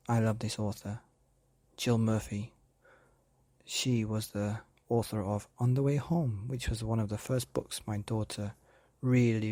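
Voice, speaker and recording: A man hosting a bedtime story podcast, speaking gently and playfully to children. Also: lowish voice, slightly rough, no echo.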